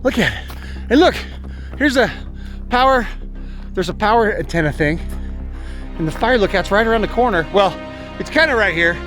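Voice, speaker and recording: A man vlogging on a hike outdoors, exclaiming excitedly at the sights while filming on a handheld pocket camera. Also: high voice, moderate pace, long pauses, faint music behind. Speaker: travel vlogger. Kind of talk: walking travel vlog. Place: outdoors on a hilltop trail.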